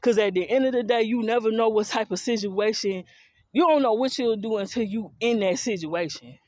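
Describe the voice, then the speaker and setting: A woman from the US South and Philadelphia tells a personal story in a casual monologue, speaking straight to her listeners in an African American Vernacular English accent. She's blunt, heated and profane, with an on-the-high-side, mellow voice and a brisk pace. There's no echo.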